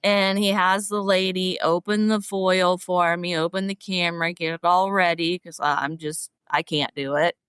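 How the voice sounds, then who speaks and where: A middle-aged woman, a podcast guest, telling stories in an animated, expressive way. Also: lowish voice, normal speed, few pauses, clear, resonant tone, dry recording. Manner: animated, expressive, often laughing. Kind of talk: emotional storytelling.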